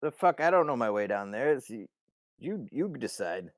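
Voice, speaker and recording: A man's voice: on the high side, expressive, normal speed, a little mellow, smooth, dry recording, pitched above the performer's own voice, close to an everyday voice. A man voicing a stubborn male guard who brushes people off. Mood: dismissive.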